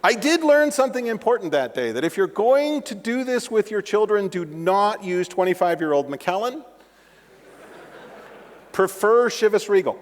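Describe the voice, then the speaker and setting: Animated man in an echoing hall. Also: high-pitched, moderate pace. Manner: animated and joking, with asides to the audience. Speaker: conference speaker. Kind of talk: live-coding tech talk. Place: large conference hall. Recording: long reverb of a large hall.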